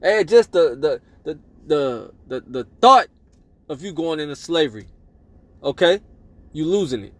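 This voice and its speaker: Preacher, male, high voice, dry close sound, emphatic scripture-reading sermon. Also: very animated, unhurried, no echo. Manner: emphatic, tags lines with "man" and "all right?".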